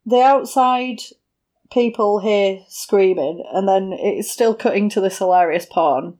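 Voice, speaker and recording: A woman chatting casually about a film, retelling scenes with quick voiced quotes. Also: mid-range voice, darkish tone. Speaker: podcast co-host.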